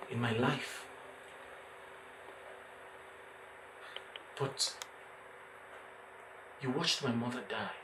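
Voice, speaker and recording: A man's voice: mid-range voice, a little mellow, slight background noise. An actor with a Nigerian accent playing a grieving man who was betrayed by his wife, in a film drama. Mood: accusing.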